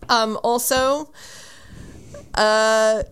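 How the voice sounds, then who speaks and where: A woman's voice: on the high side, fairly even intonation, very slow, fairly bright tone, smooth. A woman co-hosting a book podcast, chatting casually and eagerly retelling scenes from a book. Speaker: podcast co-host.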